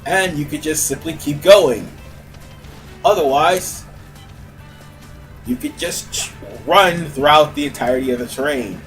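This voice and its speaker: A man's voice: on the high side, a little slow, pauses often, fairly bright tone, soft background music. A man giving casual, rambling let's-play commentary as host of a gaming video, often correcting himself. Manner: chatty, rambling, self-correcting.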